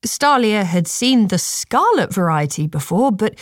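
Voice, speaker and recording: Woman narrator, storybook reading, calm, measured, slow pace, dry sound. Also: medium pitch, no echo.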